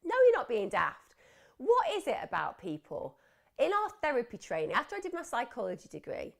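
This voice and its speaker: Middle-aged female host, low and gravelly, calm reassuring advice-giver. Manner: warm, reassuring therapist talk. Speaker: host of a live wellbeing clinic. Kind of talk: live advice chat, reading viewer questions.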